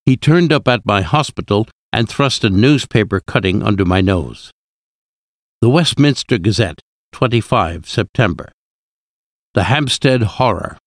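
A man reading an audiobook aloud in a calm, even storytelling way. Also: on the low side, a little slow, no room sound, clean studio sound. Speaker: narrator.

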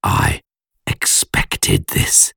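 A man voicing a huge, lonely male monster who pleads slowly and menacingly in an audiobook reading, with a husky, gravelly voice. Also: pushed and bright, no echo, studio quality. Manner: slow, drawn-out pleading delivery. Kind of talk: audiobook character voice.

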